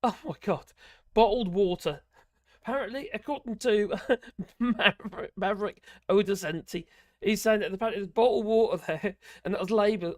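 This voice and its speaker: A man's voice: high voice, dry recording, clean studio sound. A man hosting a live politics stream, rambling and blunt, swearing freely and chuckling as he talks. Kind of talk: casual live-stream commentary.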